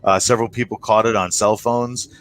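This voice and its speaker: A man with a low voice and a bright, forceful edge runs a tabletop game for his players on a stream. He narrates loosely, with lots of ums and restarts, and there is a faint hiss on the recording. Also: steady tone, fairly quick. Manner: rambling, many fillers and restarts, chuckles while narrating. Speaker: game master.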